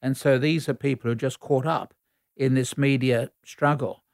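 A man, a foreign affairs commentator answering radio interview questions in a measured, explanatory lecturing tone. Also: medium pitch, fairly even intonation, vocal fry, no echo, studio quality.

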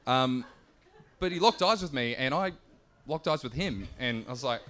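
A young Australian man telling a sweary, animated story on stage, laughing as he goes. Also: medium pitch, normal speed, slight background noise. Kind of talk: live stand-up storytelling.

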